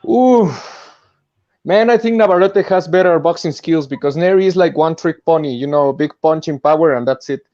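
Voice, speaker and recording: A man on a boxing talk panel, talking casually and haltingly, repeating words. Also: fairly high pitch, a little mellow. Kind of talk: casual chat. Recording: dull lo-fi sound.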